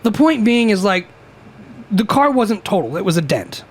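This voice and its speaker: A man's voice: high voice, moderate pace. A young man co-hosting a casual podcast, telling stories with plenty of swearing and laughter. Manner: animated, profane storytelling with frequent laughs. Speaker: podcast co-host. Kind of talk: casual chat.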